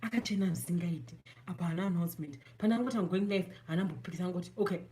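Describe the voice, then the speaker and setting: A Zimbabwean beauty vlogger with a Zimbabwean accent chats casually through a makeup tutorial, teasing herself and switching between English and Shona. Her voice is fairly low and dark in tone, and she speaks rapid-fire. A little hiss or hum sits in the background.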